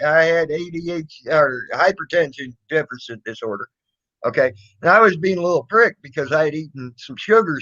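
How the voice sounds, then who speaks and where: A man's voice: on the high side, fairly bright tone. A man casually telling a childhood story, rambling and swearing, full of fillers and restarts. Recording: dull lo-fi recording.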